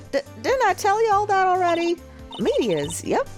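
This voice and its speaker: A woman's voice: very high-pitched, wildly swooping pitch, unhurried, soft background music, voice pushed up, full character voice. A woman voicing a brash young country photographer with a put-on American Southern drawl, folksy and teasing.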